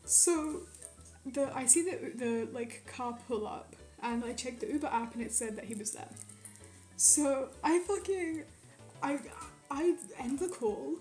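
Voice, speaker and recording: A young woman from Quebec telling a story in a casual, animated way, swearing often and filling it with "like". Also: high-pitched, a little slow, roomy sound. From Quebec, Canada. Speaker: streamer. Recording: faint music behind.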